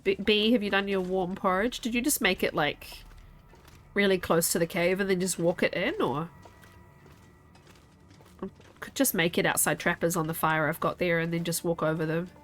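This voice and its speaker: A woman's voice: fairly low pitch, a little fast, fairly bright tone, soft background music. Young woman game streamer, tired and yawny, just chatting and rambling to chat. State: sleepy, yawning. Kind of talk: casual gameplay chat.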